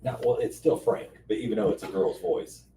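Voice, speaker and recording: A man co-hosting a barbecue podcast in casual chat, speaking haltingly with many fillers. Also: on the low side. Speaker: podcast co-host. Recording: roomy, distant mic with background noise.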